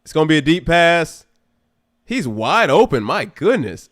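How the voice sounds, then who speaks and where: A man's voice: a little high, sing-song, measured pace, a bit bright. A young man hosting a casual live football watch stream, commenting on the game and talking back at it, climbing into exasperated outbursts. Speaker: livestream host.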